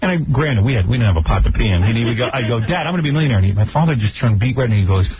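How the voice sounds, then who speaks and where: Brash radio host guy, talks fast, lots of swing in his voice, tinny phone-like sound. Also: lowish voice, animated, background noise. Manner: brash, joking, storytelling. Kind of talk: talk radio banter.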